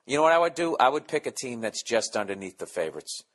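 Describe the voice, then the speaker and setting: A man's voice: medium pitch, sing-song, quick pace, a bit bright. 40s guy ranting on his podcast, swears a lot, sarcastic, rambly. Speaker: podcast host. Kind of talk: casual comedic monologue.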